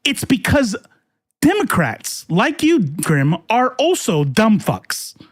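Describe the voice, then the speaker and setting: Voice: medium pitch, wildly swooping pitch, slow pace, dry recording, clean studio sound. A political commentary host ranting to a live chat in a profane, combative way.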